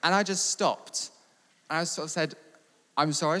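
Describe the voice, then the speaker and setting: A man from England preaching and telling a testimony story, building from steady talk to loud, animated retelling. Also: fairly high pitch, normal speed, long pauses. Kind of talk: sermon testimony. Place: large church hall. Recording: long reverb of a large hall.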